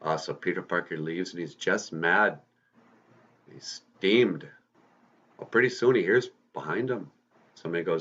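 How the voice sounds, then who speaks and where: Deep-voiced man telling a folksy story. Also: measured pace, long pauses, a bit bright. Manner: folksy, rambling with asides. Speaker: podcast host, storyteller. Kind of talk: casual storytelling to kids. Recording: slightly muffled lo-fi recording.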